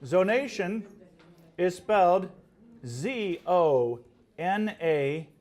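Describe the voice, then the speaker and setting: A man's voice: high-pitched, drawn-out words. A man reading out words and spelling them for a live spelling contest, joking with the contestants. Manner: animated, playful, joking with contestants. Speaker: spelling bee word caller.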